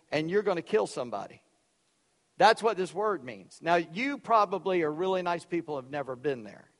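A man preaching a sermon, loud and emphatic, dropping suddenly to quiet for effect. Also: high-pitched, big-room sound. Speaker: pastor.

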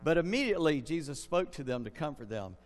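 A man's voice: on the high side, big pitch swings, quick pace, faint music behind. A man preaching a sermon in a conversational way, putting questions to his listeners. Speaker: pastor. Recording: long reverb of a large hall.

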